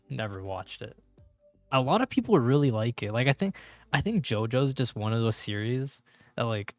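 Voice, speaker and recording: A young man reacting casually on a live stream, slangy and rambling. His mid-pitched voice sounds dry and close to the mic. Quiet music plays underneath. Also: dry recording. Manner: slangy and rambling, full of "bro" and "like". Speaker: streamer reading manga live.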